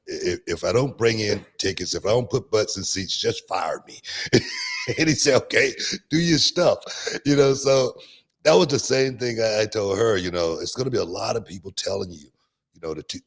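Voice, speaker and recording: A middle-aged man co-hosting a podcast, his voice sitting a little low. He chats loosely and laughs often, repeating words as he works out his point. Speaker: podcast host, former wrestler. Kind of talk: casual chat.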